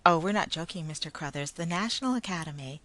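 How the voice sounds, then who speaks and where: A woman reading a story, voicing a male Martian ant who speaks gently, politely and firmly. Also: lowish voice, quick pace, no echo. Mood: calm firm. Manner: calm, polite, formal, gentle but firm.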